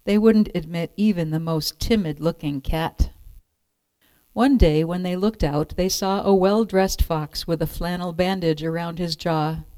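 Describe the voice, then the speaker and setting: Low-voiced woman reading a story. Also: fairly even intonation, warm tone, no room sound. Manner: clear, measured storytelling. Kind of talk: reading a picture book aloud.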